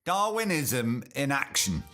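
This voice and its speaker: A man's voice: mid-range voice, sing-song, unhurried, bright, forceful tone, faint music behind. A man hosting a show, reading news stories aloud and breaking in with sarcastic, mocking asides. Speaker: host.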